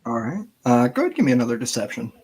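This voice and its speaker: A man narrating as game master of a tabletop game, relaxed and halting with lots of fillers. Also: mid-range voice, a little hiss or hum.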